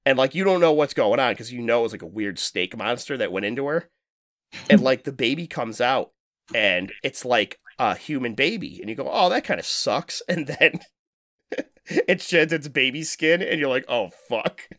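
A man talking loosely on a podcast, rambling from one point to the next, with lots of swearing and quick laughs. His voice sits in a middle register and sounds dry and close to the mic. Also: medium pitch, animated, fairly bright tone, dry recording. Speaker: podcast co-host. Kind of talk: casual chat.

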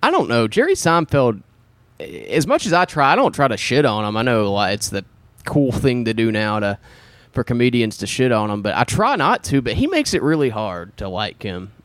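A man's voice: mid-range voice, very animated, normal speed, fairly bright tone, no room sound. A man hosting a casual chat podcast, talking in a rambling, profane way. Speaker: podcast host.

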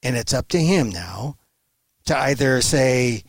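An emphatic man talks as an interview guest over a remote link, his pitch leaping around with animation. He restarts phrases often as he pushes his points. The sound is close and dry. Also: animated, unhurried, dry recording. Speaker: guest commentator.

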